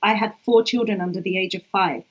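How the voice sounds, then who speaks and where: A woman's voice: mid-range voice, fairly even intonation, a little fast. A woman poet, talking in a reflective, chatty way with many fillers over a video call. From England. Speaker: poet and co-host. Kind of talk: casual online conversation. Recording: dull lo-fi online stream.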